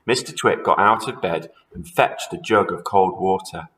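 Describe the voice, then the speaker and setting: A man's voice: low-pitched, moderate pace, few pauses, a bit bright, poor audio. A man who teaches primary school, reading a children's story aloud expressively and talking to his pupils.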